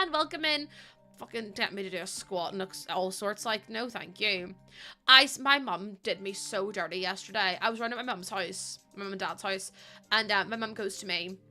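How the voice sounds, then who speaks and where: A woman's voice: a little high, expressive, normal speed, sharp tone, soft background music. A British woman livestreaming, chatting casually with her viewers, laughing often and swearing freely. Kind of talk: casual stream chat.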